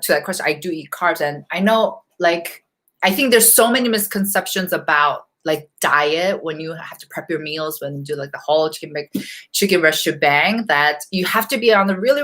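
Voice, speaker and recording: Bright-voiced young woman chatting live. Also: on the low side, moderate pace. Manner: chatty, laughs often, reads viewer comments aloud; eating while talking. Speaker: beauty vlogger hosting a live Q&A. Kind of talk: casual live-stream chat.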